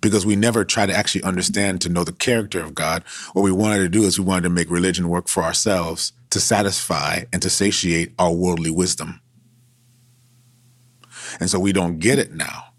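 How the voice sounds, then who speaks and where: A man's voice: sits low, fairly even intonation, fairly quick, no room sound. A man preaching a sermon in a conversational, emphatic way with slangy asides.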